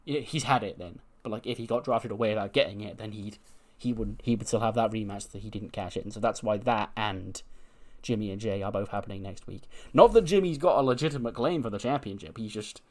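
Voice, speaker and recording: A man's voice: lowish voice, fairly quick. A man casually narrating a wrestling management game in a loose, chatty way. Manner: chatty, loose, many fillers. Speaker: game commentator. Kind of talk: casual let's-play narration.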